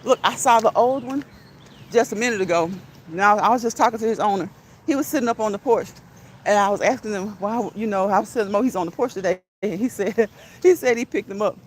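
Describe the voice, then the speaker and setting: A woman's voice: mid-range voice, quick pace, a little hiss or hum. A woman hosting a casual live stream while walking outdoors, chatting with her viewers, laughing often and reading the chat aloud. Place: outdoors on a neighborhood walk.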